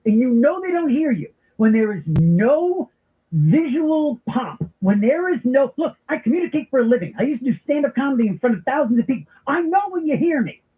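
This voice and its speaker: A middle-aged man hosting a talk radio show, telling stories in an animated, comic way. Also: very high-pitched. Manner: animated storyteller with comic impressions. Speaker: radio host. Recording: tinny phone-like broadcast audio.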